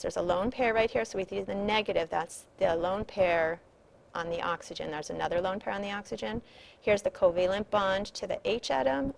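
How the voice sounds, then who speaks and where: A woman's voice: mid-range voice, gravelly, slight background noise. A woman chemistry teacher explaining slides in a recorded lecture, patient and repetitive, stressing key points.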